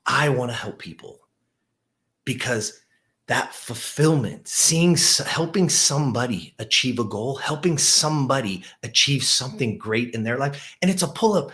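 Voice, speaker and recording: On camera, a middle-aged host who runs a gym recounts a motivational tale at a moderate pace. He rises in excitement and falls quiet and low to reflect.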